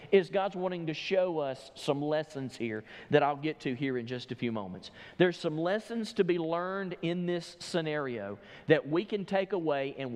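Brief: male pastor, slightly higher voice, expository sermon in a church with long reverb. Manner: expository, tells listeners what to underline. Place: church sanctuary.

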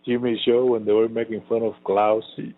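A man's voice: lowish voice, level tone, fairly quick. A man co-hosting a casual chat, a rambling and profane storyteller. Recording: phone-like lo-fi line.

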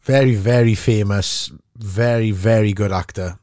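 Lively Welsh man, lowish voice. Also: measured pace, no echo, studio quality. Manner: animated storyteller, laughs easily. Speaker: podcast host, actor. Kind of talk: casual chat, storytelling.

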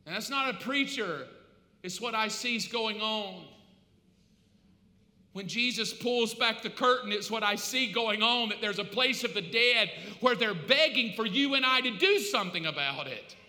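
A man preaching a sermon, shifting from quiet storytelling to loud, pleading acted voices. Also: sits high, expressive, moderate pace. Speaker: pastor. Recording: echoey hall.

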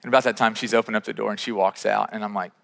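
Pastor telling a story in a hall. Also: male voice, fairly low pitch, rapid-fire, gravelly. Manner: animated, self-deprecating storytelling with acted dialogue. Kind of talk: sermon storytelling. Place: church sanctuary. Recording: reverberant church hall.

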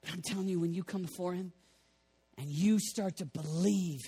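A man preaching a lively sermon, animated and playful, bursting into shouts. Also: high-pitched, normal speed, slightly rough. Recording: long reverb of a large hall.

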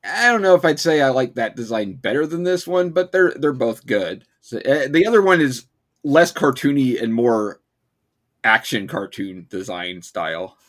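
Laid-back podcast guy, middle pitch, rambles a bit and laughs a lot. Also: animated, a bit bright. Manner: chatty, halting with restarts and laughs. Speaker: podcast co-host. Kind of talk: casual podcast chat.

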